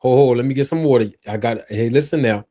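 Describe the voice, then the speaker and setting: A man's voice: mid-range voice, brisk. A man hosting a live stream, joking and talking straight to his viewers into his own microphone. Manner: animated, joking, talks straight to his chat. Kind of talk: casual live stream chat.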